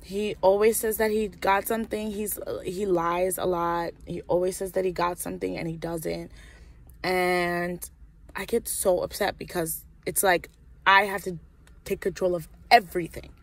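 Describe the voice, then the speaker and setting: A woman's voice: lowish voice, flat delivery, moderate pace. A young woman telling a frustrated, swear-laced storytime in a casual vlog, full of "like" and fillers. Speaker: vlogger.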